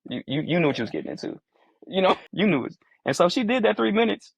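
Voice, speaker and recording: A man's voice: sits high, big pitch swings, fast, creaky, breathy edge, dry recording, lo-fi sound. A man in his forties co-hosting a casual podcast chat, earnest and restating his points as he explains them. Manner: earnest, repeats phrases while explaining. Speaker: podcast co-host.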